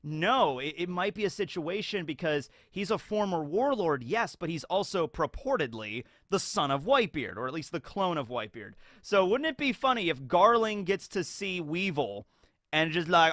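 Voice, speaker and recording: A man giving casual commentary as a YouTuber, rambling and animated, with lots of filler words. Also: a little high, brisk, no room sound, clean studio sound.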